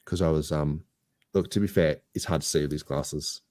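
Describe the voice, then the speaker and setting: Deep-voiced Australian man, jokey and rambling. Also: fairly even intonation, moderate pace, a little mellow. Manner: jokey, rambling, self-mocking. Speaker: podcast co-host. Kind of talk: casual banter.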